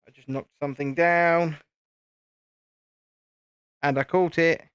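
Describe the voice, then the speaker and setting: A man's voice: a little high, fairly even intonation, slow, a bit bright, clean tone, no room sound, dull audio. Chatty British man, dry close sound. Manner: chatty, playful, often stops and restarts sentences. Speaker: live-stream host. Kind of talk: casual chat while building Lego live.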